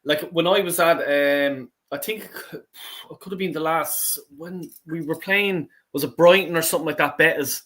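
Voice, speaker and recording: An excitable Irish man hosting a football fan call-in, with a raised voice and a bright, tense edge to it. His speech is loose and rambling, full of swearing and fillers. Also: on the high side, normal speed. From Ireland. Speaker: host. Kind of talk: casual fan call-in chat.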